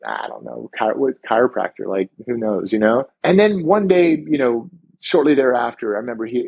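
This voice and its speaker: A man's voice: medium pitch, darkish tone, slightly rough, dull audio. A man, a chiropractor guest on a podcast, telling a story in casual chat and acting out the dialogue, swearing now and then.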